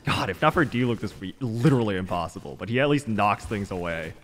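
A man's voice: lowish voice, lively intonation, fast talker, fairly bright tone, soft background music. A tired man giving live gameplay commentary as a channel host, ranting in frustration and swearing.

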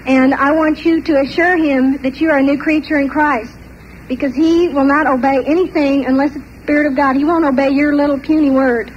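An older woman telling a personal story in an animated way, often laughing between parts of it. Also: sits high, dull audio, a little hiss or hum. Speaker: testimony speaker.

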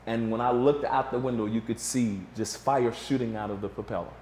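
A man's voice: medium pitch, fairly quick, echoey room. A man guest in a casual interview, telling a story and acting out what others said. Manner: animated storyteller, acts out quotes.

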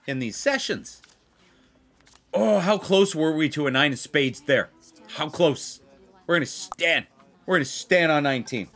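A man hosting a blackjack video, chatting casually and excitedly as he plays. He repeats himself for emphasis and keeps talking straight to his viewers. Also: mid-range voice. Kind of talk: casual chat while playing blackjack.

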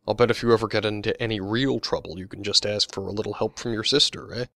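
A man's voice: fairly low pitch, steady tone, fast talker, creaky, pushed and bright, dry recording. A man voicing a tall, cocky young man who teases the others. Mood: teasing, smug. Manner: mocking, cocky.

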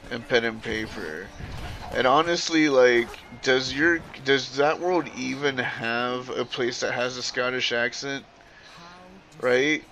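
A man ranting casually to his stream chat, slow and drawn out, with a bright, forward tone. He rambles, swears and corrects himself mid-sentence. A faint hiss of noise sits underneath. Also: medium pitch. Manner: animated, profane, rambling with self-corrections.

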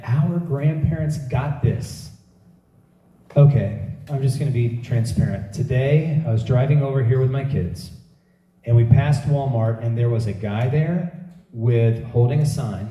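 A middle-aged man preaching a sermon, telling stories and acting out quotes with lively emphasis. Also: mid-range voice. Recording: echoey room heard from a distance.

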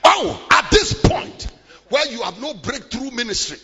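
A middle-aged man preaching a sermon in a large church hall, swinging between shouted declarations and hushed, low-voiced passages. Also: big pitch swings, measured pace, vocal fry. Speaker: pastor. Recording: muffled live church recording with long reverb.

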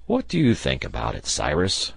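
A man's voice: very deep voice, wildly swooping pitch, moderate pace, vocal fry, husky, no room sound, pitched below the performer's own voice, heavily acted. A man voicing a thoughtful reporter companion. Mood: considered. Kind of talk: audiobook character voice.

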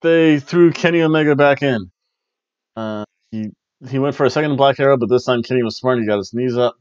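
A man hosting a wrestling review podcast, recapping a show in casual chat and slipping into quick mimicry of wrestlers. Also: medium pitch, clear, resonant tone, no echo, highs cut off. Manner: animated, mimics wrestlers and announcers in quick asides.

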